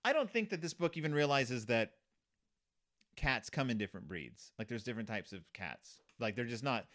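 Speaking at a normal speed, a male podcast host with a mid-range, fairly bright voice and lively intonation pokes sarcastic fun at a children's book. The riffing wanders, with plenty of fillers and restarts.

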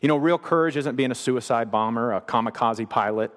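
A man's voice: medium pitch, brisk. A man preaching a sermon, retelling scripture in a conversational way with paraphrased asides. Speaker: pastor. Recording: long reverb of a large hall.

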